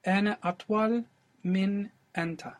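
A man with a fairly high voice answers his teacher during a spoken lesson. His replies are short and a little tentative. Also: fairly even intonation, slow pace. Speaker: language student.

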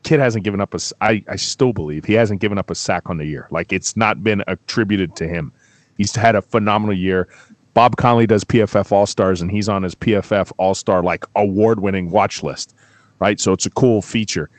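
A middle-aged man talking football on a casual show, telling stories in an animated way, swearing freely and getting worked up. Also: lowish voice, fairly quick, dry recording. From Florida. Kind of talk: casual sports talk.

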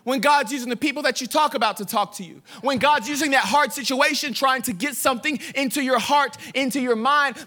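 A young adult man preaching a sermon as pastor, telling stories in an animated way with playful quoted voices. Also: very high-pitched, brisk, hardly any pauses.

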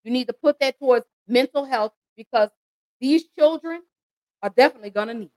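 A woman's voice: high-pitched, fairly quick, a little mellow, dry recording, low-quality recording. Impassioned American woman, dry close sound. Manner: impassioned, pleading, addresses listeners as y'all. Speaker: host. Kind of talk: emotional commentary.

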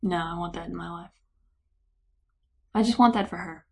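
A woman's voice: on the low side, moderate pace, gravelly, darkish tone. Playful, rambling woman podcaster. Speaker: podcast co-host. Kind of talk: casual chat.

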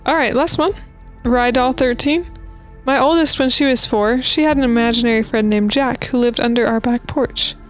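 Woman podcast co-host, a bit high-pitched, reads creepy listener stories with playful asides, faint music underneath. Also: normal speed. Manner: reads posts aloud with playful asides and laughs. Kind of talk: casual podcast chat, reading stories aloud.

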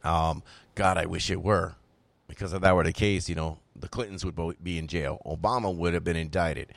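A man hosts a political talk show podcast, speaking emphatically and animatedly and repeating phrases to hammer his points home. His voice is low and creaky, at a moderate pace, with no echo.

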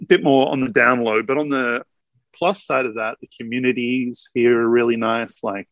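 A man's voice: mid-range voice, no echo, lo-fi sound. A man in his forties from Australia with an Australian accent, chatting casually and self-deprecatingly as a podcast guest. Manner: rambling, self-deprecating, laughs often. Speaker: guest musician.

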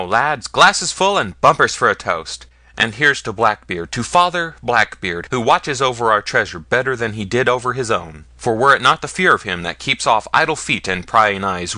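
Man voicing testy old smuggler fond of drink, bright forceful tone, dry sound. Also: fairly low pitch, moderate pace, few pauses, no room sound. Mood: rousing.

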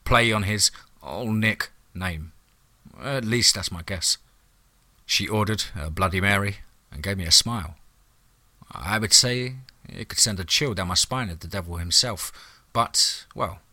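Man telling a gritty first-person monster story, wry and hard-boiled, lowish sharp voice, dry. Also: unhurried, pauses often, dry recording.

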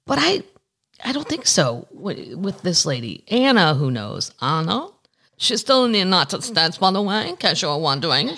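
Bright and forceful, the host's voice sits at medium pitch. In this candid, profane podcast chat, news items are read out loud and peppered with rambling asides.

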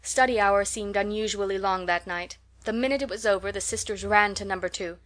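A woman reading a classic children's novel aloud in a steady, gentle storytelling manner. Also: mid-range voice, a little fast. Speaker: audiobook reader. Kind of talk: scripted narration.

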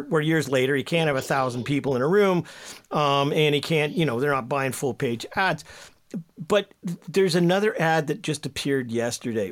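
A man giving animated political commentary as a panelist, stringing his thoughts together with casual fillers. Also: a little high.

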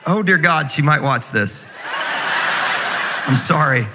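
A man preaching a sermon in an energetic, joking, conversational way. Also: on the high side, slow pace. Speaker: guest pastor. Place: large church auditorium. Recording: reverberant hall, faint noise.

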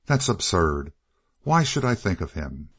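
Picture a proud older woman in a Western storybook, holding her feelings close with a guarded, wistful restraint, as a man reads her. The voice is lifted a little and gentled, set against dry, close sound with no room around it. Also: sits low, sing-song, measured pace, slightly rough, no echo, exaggerated voice.

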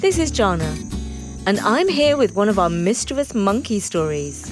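A woman narrating a children's animal story in an expressive, lively storybook reading. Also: medium pitch, normal speed, over music.

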